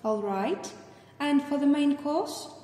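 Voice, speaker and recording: A woman's voice: high-pitched, lively intonation, takes it slowly, warm tone. A woman playing polite staff in scripted listening test dialogues, carefully enunciated. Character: polite adult woman serving customers. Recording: echoey room with long reverb.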